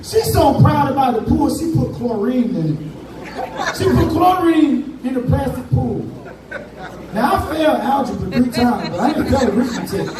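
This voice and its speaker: A man performing stand-up on a club stage, telling a story in loose, slangy talk. His voice is unusually high for a man. The camera is far off, so the room echoes heavily and the crowd and noise are clear. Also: lively intonation, moderate pace. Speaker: stand-up comedian. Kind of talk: stand-up comedy set.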